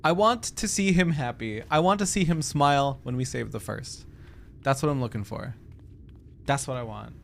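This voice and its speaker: A woman streaming a game talks with viewers in a rumbling low, creaky voice at a normal speed. Her casual livestream chat is playful and goofy, with game music in the background.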